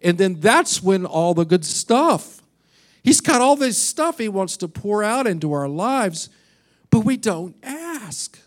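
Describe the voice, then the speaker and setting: A male pastor preaching a sermon, telling a story and acting out its voices, swinging between loud and quiet. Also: high-pitched, sing-song, takes it slowly.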